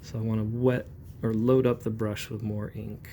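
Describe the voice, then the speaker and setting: A man in his forties, a comic book inker, chatting in a relaxed, rambling way as he demonstrates brush inking. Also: fairly low pitch, normal speed, a little hiss or hum.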